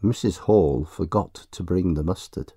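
A low, mellow male voice reading a storybook aloud at a leisurely pace. His pitch moves widely and expressively, and the sound is dry and close to the mic. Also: measured pace, breathy edge, no room sound. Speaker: narrator. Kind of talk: storybook narration.

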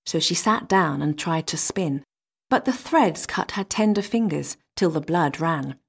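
A woman reading a fairy tale aloud in a measured, expressive manner. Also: sits low, gravelly, breathy edge. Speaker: storyteller.

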